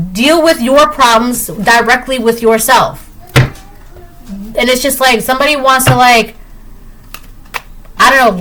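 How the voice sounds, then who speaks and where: A woman's voice: on the high side, a bit bright. Emphatic woman giving a tarot reading. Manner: emphatic and repetitive, talking straight to viewers. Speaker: tarot reader. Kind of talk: collective tarot reading monologue.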